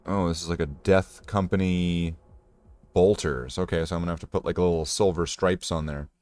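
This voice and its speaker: A man's voice: low voice, steady tone, moderate pace, darkish tone. A man casually chatting while painting miniatures, rambling and joking at his own expense. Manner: rambling, joking, self-deprecating. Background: faint guitar music.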